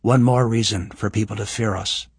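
A man voicing a blunt, gruff dark-haired man in an audiobook, speaking curtly. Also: on the low side, steady tone, moderate pace, dry recording. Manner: blunt, curt.

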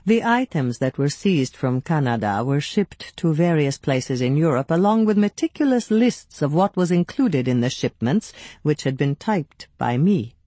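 A woman giving first-person audiobook narration in a measured, even storytelling manner. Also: deep voice, no room sound.

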